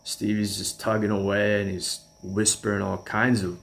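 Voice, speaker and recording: A man's voice: lowish voice, flat delivery, moderate pace, creaky. A man casually telling a personal story, rambling and chuckling as he goes. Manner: rambling, chuckling, restarts often.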